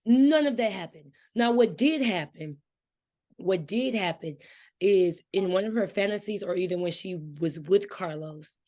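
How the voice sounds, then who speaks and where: A woman in casual chat, recapping a book's plot quickly and emphatically. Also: medium pitch, warm tone. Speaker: book-swap co-host. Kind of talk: casual book discussion.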